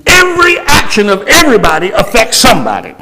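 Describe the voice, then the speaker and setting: A male pastor delivering a sermon, moving between casual asides, sudden shouts and slow emphatic stretches. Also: very high-pitched, wildly swooping pitch, low-quality recording.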